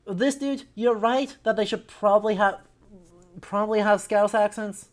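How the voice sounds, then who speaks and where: A woman's voice: medium pitch, moderate pace. A woman streaming a game with sarcastic, self-mocking casual commentary.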